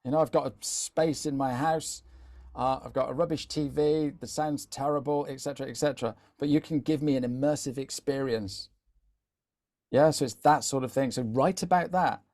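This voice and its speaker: A man's voice: medium pitch, normal speed, a little mellow. A man giving a live online talk as a social media trainer, chatty, often repeating words and checking in with "yeah?". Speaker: LinkedIn content trainer.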